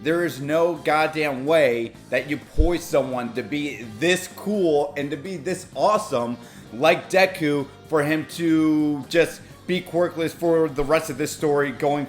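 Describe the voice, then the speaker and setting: A man talking through an anime episode in a casual review, openly emotional and excitable, with many fillers and restarts. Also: on the high side.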